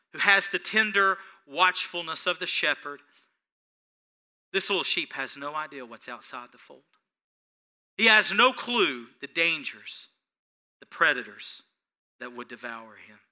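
A man preaching a sermon as pastor, swinging between hushed storytelling and loud, emphatic lines. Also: fairly high pitch.

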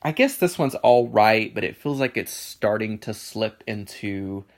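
A man's voice: on the low side, animated, a little slow. A man giving casual solo commentary on songs, hesitant and offhand, with many ums and restarts and a dry sense of humor. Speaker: music reviewer.

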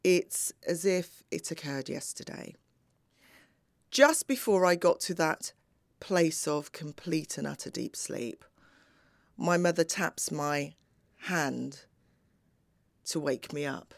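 A middle-aged woman telling a personal story in a slow, deliberate, dramatic way, with long pauses. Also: low voice, vocal fry, no room sound.

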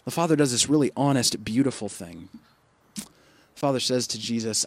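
A man preaching a sermon at a middle pitch, earnest and reflective. He often lets his phrases drop softly. The recording sounds dry and close. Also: no room sound. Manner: earnest, reflective, with soft dropping pauses. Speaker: pastor.

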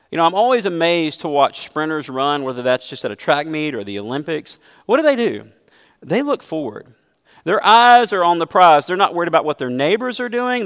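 A man's voice: fairly high pitch, a bit bright, smooth, long reverb tail. A man preaching a sermon as a pastor, earnest and emphatic, mixing scripture with a personal story.

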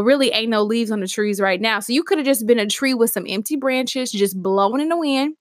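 A woman's voice: fairly high pitch, no room sound, studio quality. A woman hosting a motivational podcast monologue. She talks emphatically and repeats herself, piling up words and laughing between lines. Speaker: podcast host.

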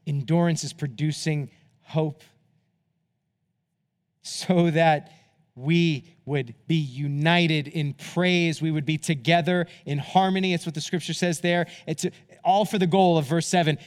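A man preaching a sermon as pastor, earnest and moving from impassioned appeals to hushed, quiet closing words. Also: a little high, moderate pace, in a large hall.

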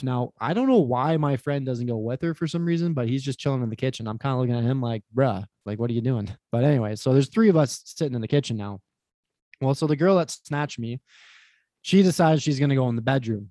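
A man's voice: medium pitch, no echo. A young man chats on a podcast with a mid-range voice, recorded dry and close. He tells a crude story in a casual way, with plenty of swearing. He acts out what each person said. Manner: animated, profane, acts out quotes. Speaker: podcast guest.

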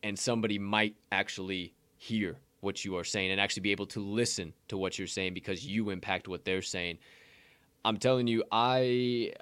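A podcast co-host giving a casual motivational talk, blunt and profane, rambling with many restarts. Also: male voice, fairly low pitch, fairly bright tone, clear, resonant tone, dry recording.

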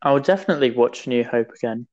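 A young man co-hosts a casual podcast in a hesitant, laid-back manner. His voice sits at a mid pitch, and the recording sounds a bit dull and lo-fi. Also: expressive, quick pace, darkish tone. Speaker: podcast co-host.

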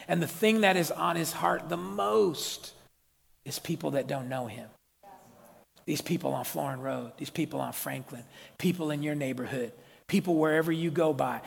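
Gravelly-voiced man preaching in a hall. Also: on the high side. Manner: lively, conversational preaching with slang and call-outs. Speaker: pastor. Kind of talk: sermon. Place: church hall. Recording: long hall reverb.

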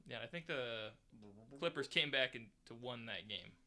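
A man co-hosting a casual sports talk show, animated and quick to laugh. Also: medium pitch, crowd noise. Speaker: podcast co-host.

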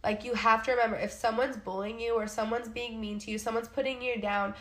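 A woman's voice: on the high side, steady tone, brisk, fairly bright tone, reverberant. A young adult woman co-hosting a podcast, chatting casually and emphatically, swearing freely, with sarcastic asides. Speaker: podcast co-host. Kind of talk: casual chat.

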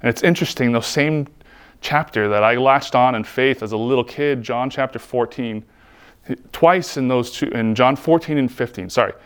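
A man's voice: medium pitch, normal speed, clean tone. A man sharing his personal faith testimony in an earnest, heartfelt way, often filling his talk with "like". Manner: earnest, heartfelt, frequent "like" fillers. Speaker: speaker giving a personal testimony.

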